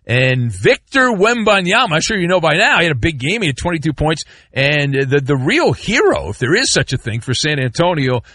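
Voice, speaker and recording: A man's voice: fairly high pitch, dry recording, clean studio sound. A middle-aged man hosting sports talk radio, ranting and joking with mock outrage and rambling asides. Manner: animated, rambling, sarcastic rants with mock outrage.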